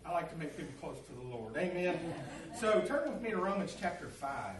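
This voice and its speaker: A man's voice: on the high side, big pitch swings, fairly quick, a crowd in the background. A middle-aged man, a pastor preaching a sermon and telling stories in a folksy, rambling way with many fillers. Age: middle-aged or older. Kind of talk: sermon with storytelling. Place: church sanctuary. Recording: echoey room, from a distance.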